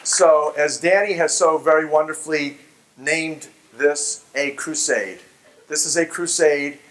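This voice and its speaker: A man speaking to an audience, telling a personal story in an animated, emphatic way. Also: a little high, a little slow, a little hiss or hum. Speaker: public speaker.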